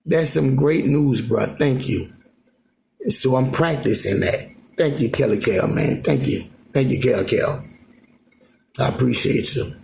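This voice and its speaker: A man with a gravelly, creaky voice rambles into his phone camera from home. His talk is loose and repetitive, full of filler phrases and restarts, at a middling pitch. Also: unhurried, a little mellow. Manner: loose, repetitive, full of "you know what I'm saying". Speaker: vlogger. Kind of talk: rambling casual monologue. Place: at home in Alaska.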